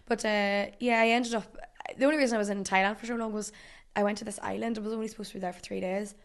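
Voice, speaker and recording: Fast-talking young Irish woman. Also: medium pitch, steady tone, creaky. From Ireland. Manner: chatty, rambling with many fillers. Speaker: podcast guest. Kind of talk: casual chat.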